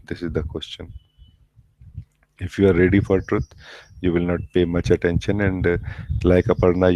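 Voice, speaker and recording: A man leading a satsang as spiritual teacher, speaking slowly and gently with many pauses and fillers over a video call. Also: sits low, low-quality recording. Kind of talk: satsang talk.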